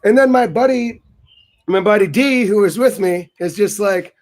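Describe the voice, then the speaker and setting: A man's voice: high voice, moderate pace. A man talking casually to his viewers, spinning a travel story with lots of energy. He swears freely and has a dry, sardonic bite. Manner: animated, profane, sardonic. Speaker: vlog host answering viewer questions.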